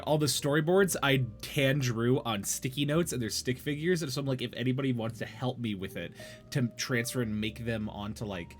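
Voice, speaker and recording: Rambling young man hosting a livestream. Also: medium pitch. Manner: rambling, chatty, reads chat aloud. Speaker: podcast host. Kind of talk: casual livestream chat.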